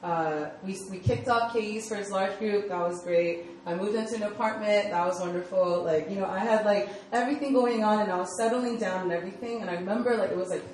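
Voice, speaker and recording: A woman's voice: mid-range voice, a little mellow, a little hiss or hum. A young adult woman giving a casual sermon to a youth group, telling stories in a chatty way full of fillers. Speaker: speaker at a church youth group. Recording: echoey room, mic far off, faint ambience.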